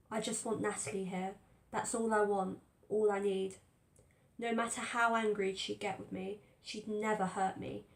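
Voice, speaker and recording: A woman's voice: mid-range voice, vocal fry. A woman narrating a first-person story aloud in a tense, fearful telling. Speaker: audiobook reader. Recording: roomy echo.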